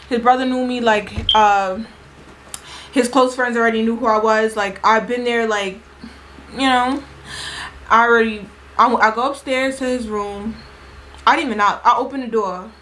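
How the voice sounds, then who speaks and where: A woman's voice: fairly high pitch, a little hiss or hum, rough recording. A young woman retelling a party story in a chatty, slangy way, acting out what people said. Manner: chatty, animated, slangy retelling with acted-out quotes. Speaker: storytime vlogger. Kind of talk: casual storytime vlog.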